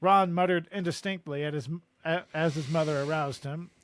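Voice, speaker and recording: A man's voice: a little high, normal speed. A man co-hosting a casual book-discussion podcast, reading passages aloud and laughing often as he goes. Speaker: podcast co-host.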